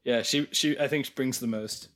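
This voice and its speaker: A man's voice: mid-range voice, moderate pace, a bit bright. A man co-hosting a podcast in casual chat, blunt and sarcastic about films, laughing often. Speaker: podcast co-host.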